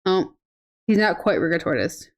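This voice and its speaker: A woman's voice: fairly low pitch, very animated, normal speed. A woman streaming a game in casual commentary, chatty and cursing freely, cooing baby talk at her pets. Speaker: gaming streamer.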